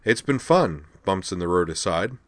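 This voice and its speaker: A man's voice: sits low, lively intonation, moderate pace, no echo. A man voicing a cheeky, loyal young woman pilot with a playful, grinning delivery.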